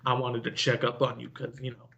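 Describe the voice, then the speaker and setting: A man's voice: mid-range voice, completely flat delivery, a little fast, vocal fry, dull audio, background noise, lightly acted. A man puts on a laid-back, cocky young cop who shrugs things off with smug, offhand lines. It is a light, casual impression, close to his everyday voice. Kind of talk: casual retelling of a story with quoted lines.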